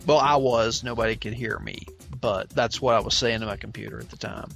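A man's voice: lowish voice, fairly even intonation, a little fast, gravelly, a bit bright, faint music behind. Man chatting on a gaming podcast. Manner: reads a listener's story aloud, then chats with laughing asides. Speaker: podcast host. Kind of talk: casual gaming podcast chat.

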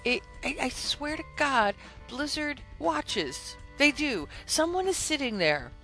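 A podcast host in casual, animated storytelling about a video game, retelling a quest with exasperated asides and acted-out quotes. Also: high-pitched, slow pace, soft background music.

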